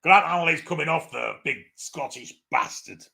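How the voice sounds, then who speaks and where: A man's voice: on the high side, animated, normal speed, gravelly, pushed and bright. A man giving live fan commentary on a football match, irreverent, swearing freely and reading out viewer comments.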